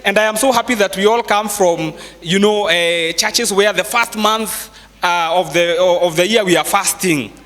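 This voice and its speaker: Kenyan male speaker, somewhat raised pitch, chatty live seminar delivery in a reverberant hall. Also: normal speed, fairly bright tone, faint music behind. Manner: conversational, quizzes the audience, mixes in Swahili phrases. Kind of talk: live motivational finance talk. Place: large hall with a live audience. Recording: echoey hall with long reverb.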